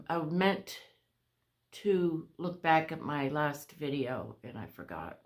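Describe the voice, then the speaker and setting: A woman vlogging a personal update to her viewers on a phone camera. She is short of breath, halting, and restarts often. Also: low-pitched, darkish tone. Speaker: vlogger sharing a health update. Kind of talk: casual talk to camera.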